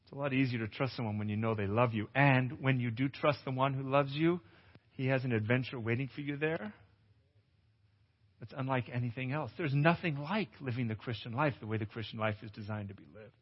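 A male pastor giving a testimonial sermon at a conference, an animated storyteller who acts out dialogue and exclaims loudly. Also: mid-range voice, brisk. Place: conference hall. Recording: echoey hall, dull lo-fi sound.

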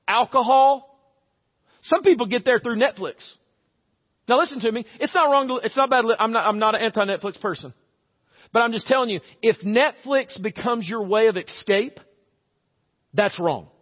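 High-voiced pastor preaching in a hall. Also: male voice, animated, moderate pace, long pauses. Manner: conversational, humorous, acts out little scenes. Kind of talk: sermon. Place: church sanctuary. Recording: reverberant church hall, slightly dull audio.

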